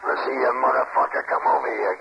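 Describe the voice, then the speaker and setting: A man answering a bar phone, furious and profane, shouting threats at prank callers. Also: medium pitch, sing-song, fast talker, creaky, dull audio, over a noisy crowd. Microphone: telephone. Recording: noisy old phone tape.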